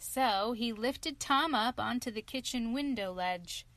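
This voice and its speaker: Expressive woman reading a storybook. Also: fairly high pitch, measured pace, no room sound. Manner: clear, expressive read-aloud. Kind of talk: storybook narration.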